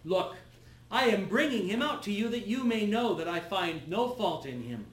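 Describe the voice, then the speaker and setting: A man's voice: high-pitched, animated, normal speed, fairly bright tone, voice pushed up. A man voicing an uneasy Roman governor, asking raised, pressing questions. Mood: pleading. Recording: echoey room.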